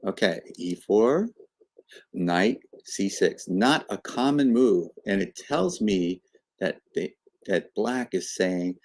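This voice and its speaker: Animated male chess commentator, low voice. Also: slow pace. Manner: animated, acts out the players as if talking.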